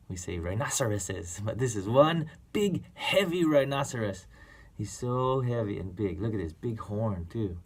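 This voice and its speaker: Guy reading a kids picture book real slow, playful, makes animal noises. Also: lowish voice. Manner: slow, playful, animal sounds and soft whispers. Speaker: reading teacher.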